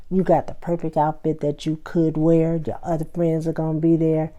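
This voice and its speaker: A woman's voice: deep voice, little pitch movement, measured pace, mellow. A woman hosting her own show, giving motivational advice in a conversational way and acting out everyday scenes. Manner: conversational, acts out everyday dialogues. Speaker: host. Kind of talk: motivational talk.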